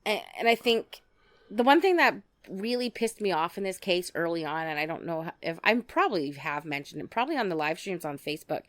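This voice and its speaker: A woman's voice: fairly low pitch, expressive, brisk, dry recording. Outspoken woman co-hosting a podcast. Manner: outspoken, indignant, swears casually. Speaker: podcast co-host. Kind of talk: casual true-crime podcast discussion.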